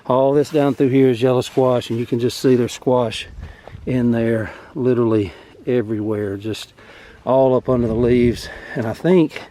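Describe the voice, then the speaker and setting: Easygoing farmer, mellow voice. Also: male voice, mid-range voice, fairly even intonation, normal speed, a little hiss or hum. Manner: rambling, easygoing, many fillers. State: out of breath. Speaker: farm vlogger. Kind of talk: casual garden walkthrough. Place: outdoor vegetable garden.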